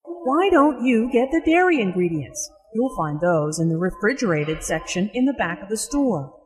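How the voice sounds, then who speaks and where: A woman's voice: medium pitch, very animated, normal speed, slightly rough, long reverb tail. A woman voicing a cheerful young woman shopping with a friend, in a scripted dialogue. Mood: friendly.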